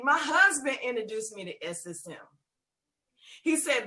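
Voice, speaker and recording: Exuberant high-voiced woman on a video call. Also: measured pace. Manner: emphatic and lively, calls listeners honey and girl. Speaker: webinar guest giving a testimonial. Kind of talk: exuberant testimonial. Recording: distant from the mic.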